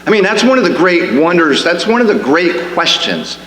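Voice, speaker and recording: A man's voice: sits high, sing-song, normal speed, fairly bright tone. A man preaching a sermon in a church, conversational and rising to emphatic questions, with frequent restarts. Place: church sanctuary. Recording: echoey hall with faint hum.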